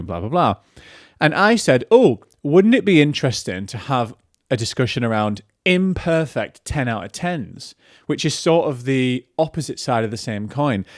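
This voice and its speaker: A man's voice: mid-range voice, dry recording, studio quality. Chatty, self-mocking man hosting a film podcast. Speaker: podcast host and film critic. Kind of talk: casual solo podcast chat. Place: room at home.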